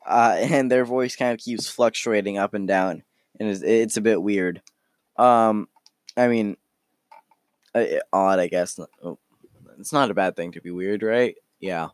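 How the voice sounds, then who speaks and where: Slow, hesitant man retelling a game. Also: lowish voice, dry recording, studio quality. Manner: hesitant, many fillers. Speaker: storyteller. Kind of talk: recounting a tabletop game session.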